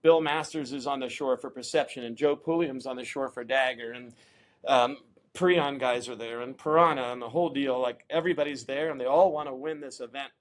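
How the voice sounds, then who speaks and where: A middle-aged American man telling stories in a casual interview, animated and acting out quoted voices. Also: mid-range voice, brisk. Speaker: interview guest, champion kayaker.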